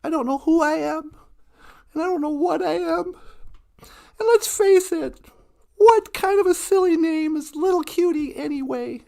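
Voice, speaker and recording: A woman's voice: extremely high pitch, a little slow, vocal fry, long pauses, warm tone, full character voice. A woman voicing a small, lost, worried male teddy bear who stammers and hesitates.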